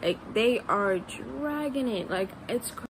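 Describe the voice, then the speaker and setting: A woman's voice: fairly high pitch, animated, slow pace. A woman from the United States vlogging casually and frankly, leaning on "like". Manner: frank, fills with "like". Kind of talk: casual vlog. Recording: street noise with passing traffic.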